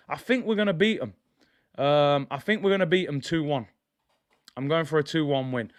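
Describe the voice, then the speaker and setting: A young man hosting a live football watch-along, chatting excitedly to viewers in slang. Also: on the high side, normal speed, smooth, dry recording, clean studio sound. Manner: excitable, slang-heavy, addresses viewers directly. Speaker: football fan channel host.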